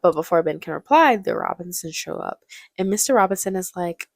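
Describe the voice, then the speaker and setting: A woman's voice: on the low side, animated, a little fast, creaky, no echo, clean studio sound. A young woman giving casual, joking movie commentary, laughing often.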